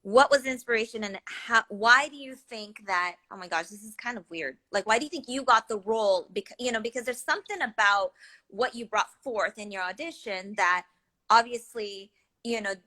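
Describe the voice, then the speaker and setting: A woman's voice: fairly high pitch, normal speed, bright, forceful tone, low-quality recording. A woman, a voice actor, chatting casually and asking questions on a video call, searching for words as she talks. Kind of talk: casual chat.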